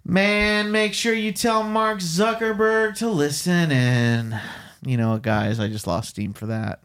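A man's voice: sits high, a little slow, a bit bright. A man co-hosting a podcast in casual chat, joking and swearing with friends. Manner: jokey, laughs a lot, swears. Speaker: podcast co-host.

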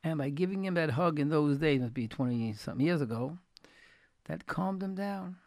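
A man's voice: on the high side, animated, moderate pace, darkish tone, dry recording, studio quality. A man giving a storytelling Torah talk as a religious teacher, folksy and anecdotal, repeating key phrases for emphasis. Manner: folksy, retells anecdotes with quoted dialogue.

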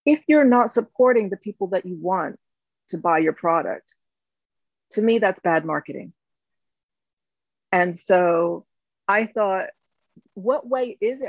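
Reflective woman founder, gravelly voice. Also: mid-range voice, dry recording. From United States. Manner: reflective, many fillers and restarts. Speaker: company founder, guest. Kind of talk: interview. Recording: dull, slightly lo-fi sound.

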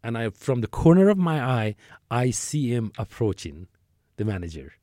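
Older man with a mellow voice telling stories. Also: mid-range voice, big pitch swings, normal speed, no echo, studio quality. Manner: rambling, with restarts and acted-out dialogue. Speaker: interview guest. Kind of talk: conversational storytelling.

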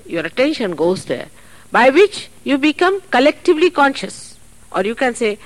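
A woman giving a spiritual talk at a public program, earnest and chatty, with asides and soft laughs, heard on an archive recording. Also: mid-range voice, poor audio. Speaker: spiritual teacher. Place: public hall.

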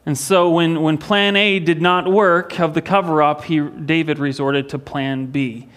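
A man's voice: fairly high pitch, fairly even intonation, measured pace, fairly bright tone, smooth. A pastor preaching a sermon in a church, retelling a story earnestly and often repeating a word as he restarts a phrase.

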